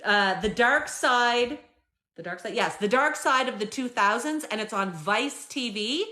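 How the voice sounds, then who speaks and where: A chatty woman streams live, recapping a story to her viewers with plenty of "like" and "um". Her voice is bright and a touch high, and she speaks casually to the camera. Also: a little slow. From Canada. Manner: chatty, animated retelling with many fillers.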